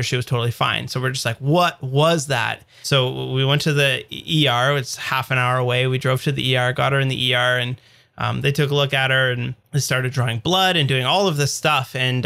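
Podcast co-host, man, thirties, crisp tense tone with fry, casual and full of restarts. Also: medium pitch, bright, forceful tone. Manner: rambling storyteller with many fillers and restarts. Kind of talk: casual chat.

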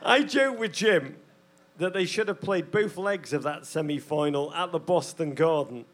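A man's voice: on the high side, normal speed, a little hiss or hum. An English man in his forties co-hosting a podcast on stage in front of a live audience, theatrical and self-mocking. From England. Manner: theatrical, mock-grandiose, self-deprecating. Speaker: podcast co-host.

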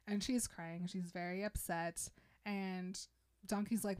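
A young woman in casual chat, animatedly retelling a film and slipping in quick voices for its characters. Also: mid-range voice, steady tone, darkish tone. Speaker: podcast co-host retelling a film.

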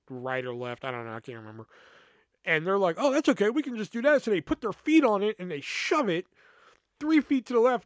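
A man's voice: a little high, fairly bright tone, no echo, clean studio sound. A man hosting a podcast, telling a rambling, profane story about an old job and acting out the people in it. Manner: rambling, profane, acts out quotes. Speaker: podcast host. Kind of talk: casual storytelling.

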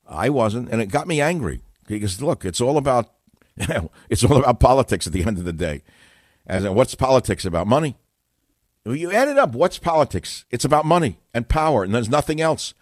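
A man's voice: medium pitch, expressive, a little fast, dry recording, clean studio sound. An older man hosting a call-in radio talk show, opinionated, emphatic and self-assured, combative in his monologues.

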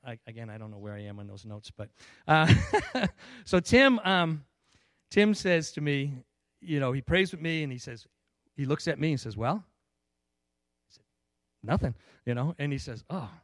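Guy telling his church testimony, kinda high voice, keeps restarting, acts out the dialogue. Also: gravelly, no echo. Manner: emotional storytelling, many restarts, acts out dialogue. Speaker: church member giving testimony. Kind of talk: personal testimony.

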